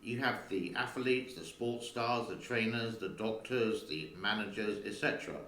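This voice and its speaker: A man's voice: fairly low pitch, moderate pace, fairly bright tone, roomy sound. A man hosting a casual vlog from his home studio, chatting in a rambling way and talking to his cat between points. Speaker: channel host.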